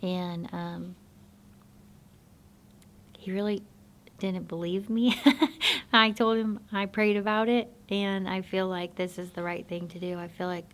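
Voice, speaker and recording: A woman telling her personal faith testimony in a soft-spoken, halting, reflective way. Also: fairly low pitch, steady tone.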